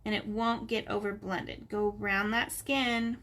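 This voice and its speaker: A woman's voice: medium pitch, level tone, a little slow, a bit bright. A middle-aged woman in her home office, chatting unhurriedly as she gives step-by-step coloring instructions. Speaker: art instructor. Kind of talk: relaxed coloring tutorial.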